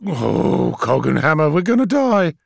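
A man voicing a panicky, whiny male tech-priest in an audiobook, with a high, shrill, frantic delivery. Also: big pitch swings, measured pace, gravelly, a bit bright, breathy edge, no room sound, studio quality, full character voice. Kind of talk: audiobook character voice.

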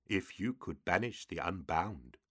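A man's voice: animated, a bit bright, no echo, studio quality, heavily acted. A man voicing a hissing, wizened two-headed demon. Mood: ominous. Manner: hissing, low and measured. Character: ancient two-headed male demon oracle, wizened, cryptic. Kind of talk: audiobook character voice.

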